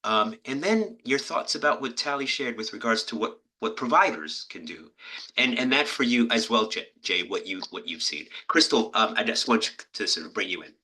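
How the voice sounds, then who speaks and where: A man moderating a webinar panel, courteous and halting as he frames questions. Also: lowish voice, big pitch swings, pushed and bright, slightly rough, rough recording. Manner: halting, many fillers and restarts, courteous.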